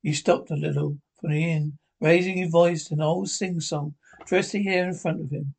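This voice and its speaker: High, gravelly man reading aloud. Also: steady tone, normal speed, darkish tone. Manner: stumbling reading with frequent restarts. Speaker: audiobook narrator.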